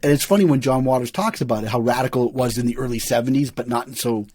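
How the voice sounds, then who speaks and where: A man hosting a podcast in casual chat, retelling scenes with lively enthusiasm. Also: medium pitch, fast, dry recording. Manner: animated storyteller who acts out quotes and laughs often. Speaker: podcast host.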